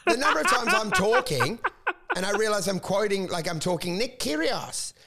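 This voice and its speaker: High-voiced, ranting man. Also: moderate pace, gravelly, a loud crowd. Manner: ranting, profane, animated. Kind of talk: casual comedic chat.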